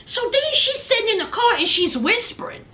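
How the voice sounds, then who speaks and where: A woman's voice: very high-pitched, sing-song, moderate pace, bright, forceful tone. A woman giving a blunt, sassy reaction recap of a reality show, scolding the people on it. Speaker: reality TV commentator.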